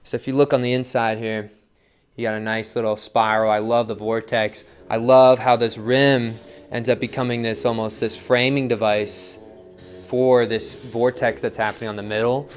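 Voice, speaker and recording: A young man chatting casually while demonstrating on the pottery wheel, reading viewer comments and counting softly as he works. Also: medium pitch, little pitch movement, moderate pace. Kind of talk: live-streamed pottery demo, casual teaching. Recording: faint music in background.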